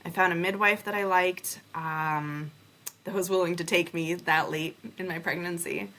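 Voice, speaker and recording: A young adult woman hosting a podcast, telling a personal story in an animated way and acting out the conversations she quotes. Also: lowish voice. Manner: animated, acts out quoted dialogue. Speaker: podcast host.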